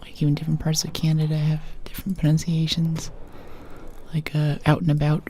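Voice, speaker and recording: An American woman streams a game in a soft-spoken ASMR style, rambling playfully and often dropping into a whisper. Her low voice is monotone and brisk, with slight background noise.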